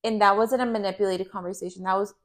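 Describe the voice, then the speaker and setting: A woman's voice: mid-range voice, steady tone, quick pace. An American woman co-hosting a podcast, chatting casually, swearing now and then and laughing often. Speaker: podcast co-host. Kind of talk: casual chat.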